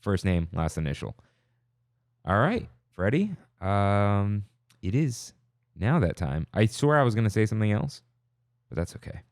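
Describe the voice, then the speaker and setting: In casual podcast chat, the male host rambles upbeat and keeps interrupting himself. His lowish voice is very animated, a little slow and a little mellow, captured in clean studio sound with no room sound.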